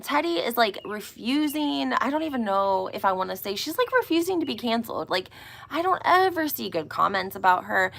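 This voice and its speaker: A celebrity gossip vlogger with a gravelly, sharp voice on the high side chats casually about reality TV on a live stream. She keeps checking in with viewers by asking "okay?" and "right?"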